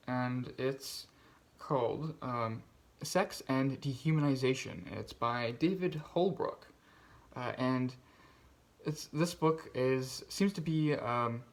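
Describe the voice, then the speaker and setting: A man hosting a casual book video, talking through his reading pile with lots of fillers and restarts. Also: medium pitch. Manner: rambling, many fillers and restarts. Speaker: BookTube host.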